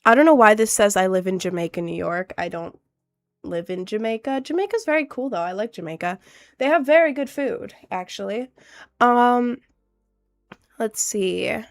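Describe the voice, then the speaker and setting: Faint music plays behind a late-teen streamer whose slightly high voice is animated but stuffy and a little nasal from her cold. She chats casually, bubbly and meandering, laughing often.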